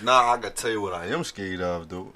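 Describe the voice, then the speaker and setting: A man's voice: fairly low pitch, brisk, a crowd in the background. A man telling funny stories in casual chat with friends, acting out the voices of people in them. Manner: animated, acts out voices in his stories. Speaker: guest. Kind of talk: casual storytelling among friends.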